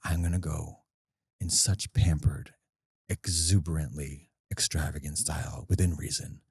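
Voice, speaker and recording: A man putting on a low diabolical schemer. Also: fairly even intonation, a little mellow, husky, no room sound, studio quality, exaggerated voice. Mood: scheming. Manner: slow, conspiratorial, low muttering.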